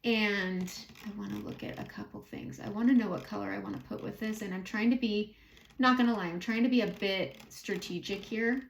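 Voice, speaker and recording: Chatty Southern woman with a gravelly edge. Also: medium pitch, steady tone, fairly quick. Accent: Southern American. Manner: chatty, thinking aloud, self-talk while applying makeup. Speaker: beauty vlogger. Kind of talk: casual makeup tutorial chat.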